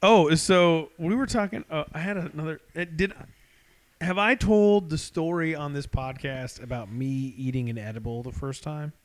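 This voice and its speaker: Brief: podcast co-host, man, slightly high voice, profane laughing storyteller. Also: moderate pace. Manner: swears a lot, laughs through his own story. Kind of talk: casual storytelling chat.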